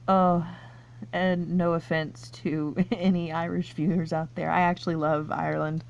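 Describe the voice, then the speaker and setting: A woman's voice: on the low side, fairly even intonation, a little slow, creaky, long pauses. A woman reading quiz questions aloud and thinking through her answers in casual, chatty commentary, laughing often. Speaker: YouTuber taking online quizzes.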